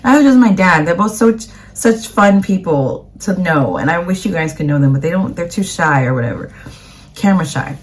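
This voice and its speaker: A woman's voice: lowish voice, expressive, normal speed. A woman from the United States, a vlogger chatting casually to camera in a rambling way with plenty of fillers.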